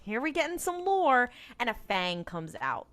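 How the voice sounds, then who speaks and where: A woman's voice: on the high side, sing-song, measured pace, fairly bright tone. A woman co-hosting a casual rewatch podcast, retelling an episode and acting out the characters' lines with laughter. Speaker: podcast co-host.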